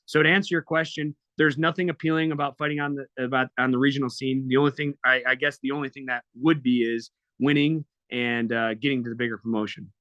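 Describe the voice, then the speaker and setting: Blunt, profane man with a bright voice. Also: medium pitch, fairly even intonation, quick pace, few pauses, no echo, muffled recording. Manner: blunt, profane, emotional storytelling. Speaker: guest fighter. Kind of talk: candid podcast interview.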